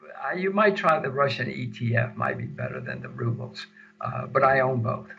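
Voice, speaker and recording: A man's voice: medium pitch, huge pitch swings, moderate pace, vocal fry. An older man answering interview questions emphatically, repeating words for stress, on dull lo-fi audio. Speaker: interview guest.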